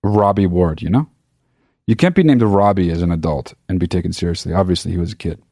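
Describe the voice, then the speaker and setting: A man's voice: deep voice, fast talker, mellow, no room sound, studio quality. A man telling a comedic story in a rambling monologue, swearing freely and mocking himself, often stopping to correct himself. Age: adult. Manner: profane, sarcastic, rambling with self-interruptions.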